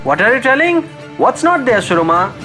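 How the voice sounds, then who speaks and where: A man's voice: very high-pitched, sing-song, fairly quick, bright, forceful tone, soft background music, full character voice. A man doing a grumpy demanding cartoon dad. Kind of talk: cartoon dubbing.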